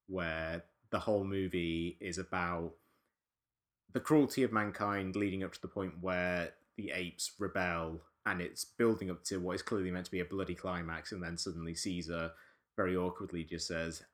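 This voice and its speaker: A man's voice: sits low, steady tone, moderate pace. A man hosting a casual podcast discussion, talking in rambling, wry runs with frequent restarts. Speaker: podcast host.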